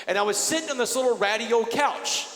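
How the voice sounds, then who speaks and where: High-voiced motivational speaker. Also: male voice, quick pace, fairly bright tone. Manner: storytelling, emphatic. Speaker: keynote speaker. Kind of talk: motivational speech. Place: large hall. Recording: echoey hall.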